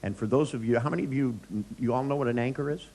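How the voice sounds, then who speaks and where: Joking middle-aged seminar trainer. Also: male voice, medium pitch, fast talker, darkish tone. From United States. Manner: joking, anecdotal, quizzes the audience. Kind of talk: live seminar lecture to an audience.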